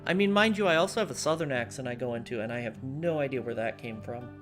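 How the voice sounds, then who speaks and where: A woman's voice: extremely low pitch, quick pace, music in the background. An American woman streamer with a General American accent, chatting casually and thinking aloud while she plays a strategy game. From United States. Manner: thoughtful and digressive, thinking aloud.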